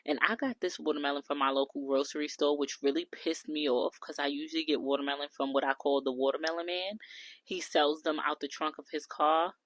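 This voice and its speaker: A woman's voice: low voice, steady tone, brisk, a bit bright, no echo. A woman, chatting through a cooking vlog, blunt and talking straight to viewers. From New York City. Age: 30s. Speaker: food vlogger. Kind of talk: casual cooking vlog voice-over.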